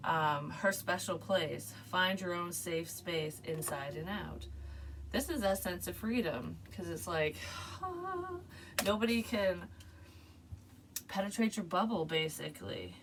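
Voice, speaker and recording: A woman with a low voice chats her way through a tarot reading for her viewers, rambling and laughing along the way. The recording carries a steady, clear hiss of background noise. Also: slow pace. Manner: rambling, chatty, laughs often. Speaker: tarot reader. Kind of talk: casual tarot reading vlog.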